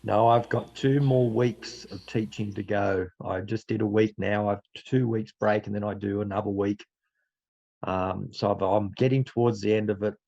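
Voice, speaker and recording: Australian man, casual and friendly, husky low voice, muffled remote line. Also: fairly even intonation, normal speed, a little mellow. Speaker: teacher and church speaker. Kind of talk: casual chat.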